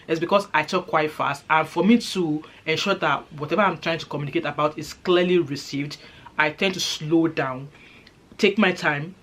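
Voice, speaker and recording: A Nigerian woman vlogger talks straight to her viewers, emphatic and indignant. Her accent is clearly Nigerian, and she leans hard on each point as she rants. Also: low voice. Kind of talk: opinion rant to camera. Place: living in Britain for years.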